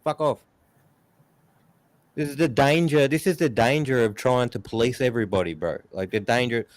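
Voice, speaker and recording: A man's voice: medium pitch, brisk, dry recording. A man, ranting bluntly and profanely in a casual stream chat. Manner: mocks others in raised put-on voices.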